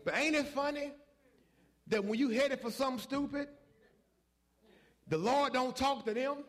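A man's voice: very high-pitched, measured pace, a bit bright. A man preaching a sermon, emphatic and folksy, calling out to the congregation and pushing for responses.

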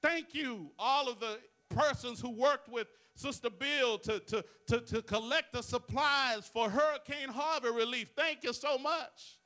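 A man's voice: very high-pitched, measured pace, hardly any pauses, bright, forceful tone. A male pastor, preaching to his congregation with call-and-response asides. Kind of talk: sermon. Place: church sanctuary.

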